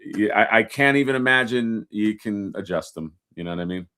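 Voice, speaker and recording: A man's voice: fairly low pitch, pushed and bright, clean tone. Rambling man in casual chat. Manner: rambling, halting, lots of fillers and laughs. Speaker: podcast co-host.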